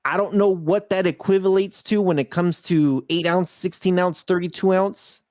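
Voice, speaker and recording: A man co-hosting a podcast, chatting casually and telling animated stories that act out both sides of a conversation. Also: high voice, normal speed, no room sound, clean studio sound. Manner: animated storyteller, acts out quotes, laughs often. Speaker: podcast co-host. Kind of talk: casual chat.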